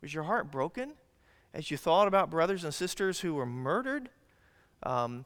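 Male pastor, sermon delivery, earnest with emphatic build-ups; bright, high-ish voice; long church-hall reverb. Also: big pitch swings, moderate pace. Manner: earnest preaching, rising emphatic on key lines. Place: church sanctuary.

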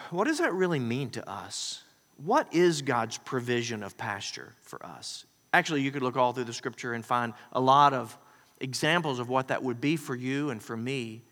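A man preaching a sermon as pastor, animated, acting out scenes and quotes as he goes. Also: medium pitch. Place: large hall with long reverb. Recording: reverberant church hall.

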